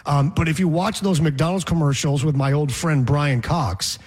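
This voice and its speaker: Husky, playful sports-talk man. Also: a little high, normal speed, darkish tone. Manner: playful, mimics voices and drawls words for effect. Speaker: sports radio host.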